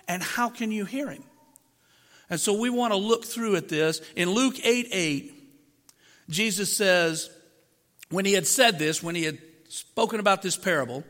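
A man's voice: high-pitched, lively intonation, measured pace, a bit bright. A man preaching a sermon into a microphone in a conversational way, asking his listeners rhetorical questions. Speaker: pastor. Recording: long hall reverb.

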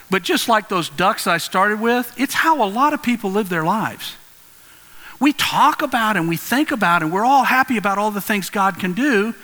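A male pastor preaching a sermon in an earnest, conversational way with lively storytelling. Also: high-pitched. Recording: long hall reverb.

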